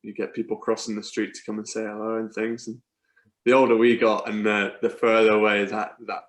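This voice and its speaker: A Scottish man in his twenties, a cricketer, chatting as a guest in a relaxed, joking way. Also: on the low side, fairly quick. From Scotland. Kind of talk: casual interview chat.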